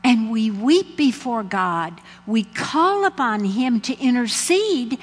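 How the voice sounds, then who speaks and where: Woman preacher, high and slow, theatrical delivery, long hall echo. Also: lively intonation, slightly rough. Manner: dramatic, acts out prayers and dialogue with God. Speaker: speaker at a women's gathering. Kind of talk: sermon.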